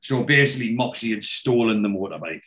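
A man's voice: fairly low pitch, expressive, fast, fairly bright tone. A man chattily retelling a TV episode for a podcast, acting out the lines he quotes.

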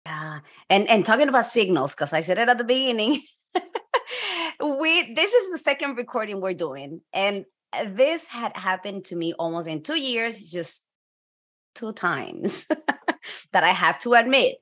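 A woman's voice: medium pitch, sing-song, unhurried, a bit bright. A woman hosting an interview, chatting casually and laughing often at herself. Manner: laughs often, self-deprecating. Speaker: podcast host.

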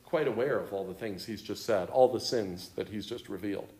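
Speaking to a group in an echoing room, this man explains scripture casually and poses rhetorical questions as he goes. He's a Bible teacher whose fairly low, somewhat mellow voice moves at a brisk clip.

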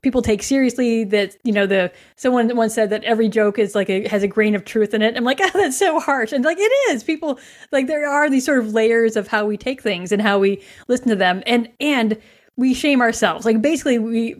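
Brief: woman podcast host, chatty coach, slightly high voice, animated. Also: moderate pace. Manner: chatty, animated, acts out quotes in a higher voice. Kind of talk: casual podcast conversation.

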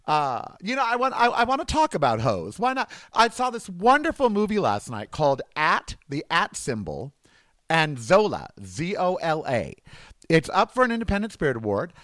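A man's voice: on the high side, huge pitch swings, moderate pace, fairly bright tone, dry recording. A man hosting his podcast in a campy, rambling comedic monologue. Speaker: podcast host.

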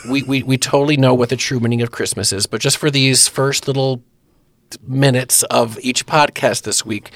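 A man with a medium, slightly bright voice hosts a casual devotional podcast, recorded without echo. He jokes around with his guest and reads scripture aloud.

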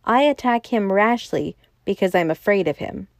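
A woman's voice: mid-range voice, expressive, moderate pace, no echo, studio quality, natural voice. A woman reading the lines of a bold young male poet detective, blunt and eager.

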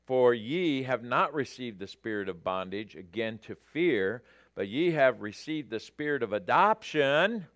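Animated male preacher, slow and lively. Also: mid-range voice, no room sound, clean studio sound. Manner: animated, rising to emphatic peaks, addresses audience directly. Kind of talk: sermon.

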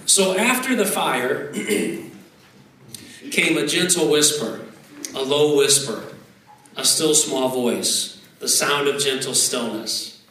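A man in his thirties preaching a sermon as pastor, conversational and animated, with asides and repeated words. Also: medium pitch, slow pace, a little hiss or hum. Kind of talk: sermon with prayer. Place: church sanctuary. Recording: echoey hall, voice from a distance, faint ambience.

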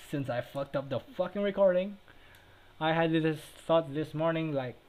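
A man's voice: on the high side, measured pace, darkish tone, slight background noise, poor audio. A young man co-hosting a podcast, swearing constantly, joking crudely and laughing at himself. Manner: profane, joking, self-deprecating, laughs often. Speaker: podcast co-host. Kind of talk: casual crude chat. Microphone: remote call, cutting in and out.

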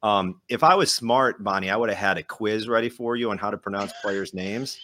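A man's voice: fairly low pitch, fairly quick, a bit bright. A man hosting a podcast, talking casually in a chatty, rambling way with frequent restarts. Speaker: podcast host. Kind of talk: casual chat.

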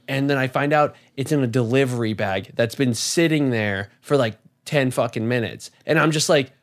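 A man chatting casually on a podcast, telling a story with animated energy. He swears freely and leans on filler words, with a middling pitch. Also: moderate pace, few pauses. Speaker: podcast guest. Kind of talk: casual chat.

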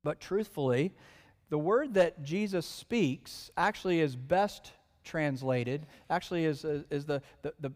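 Brief: male pastor, casual sermon delivery, slightly high voice, long-reverb sanctuary. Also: a little slow, a little mellow. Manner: conversational, joking asides.

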